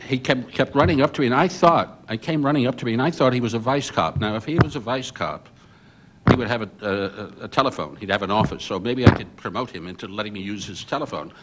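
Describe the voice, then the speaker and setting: An older man on a journalists' panel, recounting his reporting memories as an animated storyteller who often restarts his sentences. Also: mid-range voice, fast talker, very noisy. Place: conference hall.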